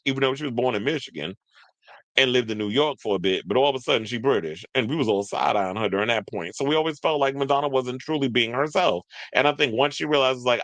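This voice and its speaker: A man's voice: mid-range voice, fast, a bit bright, no echo. A man giving casual, opinionated celebrity news commentary, chatty and full of rambling asides. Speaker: entertainment commentator.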